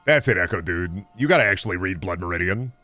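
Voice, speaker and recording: A man's voice: sits low, animated, fast talker, bright, forceful tone. Guy streaming and rambling, swears a lot, sarcastic, faint music behind. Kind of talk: casual stream chat.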